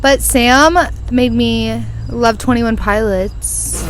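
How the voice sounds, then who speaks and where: A woman's voice: fairly high pitch, slow pace, slight background noise. A woman in her twenties hosting a podcast, chatting and telling stories with lots of giggles, recorded outdoors on a porch. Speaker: podcast host. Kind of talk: casual chat.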